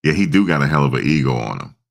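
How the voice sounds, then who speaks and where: Male streamer, very deep and gravelly, casual, rambling chat. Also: very animated, rapid-fire. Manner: rambling, chats with viewers' comments. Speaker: livestream host.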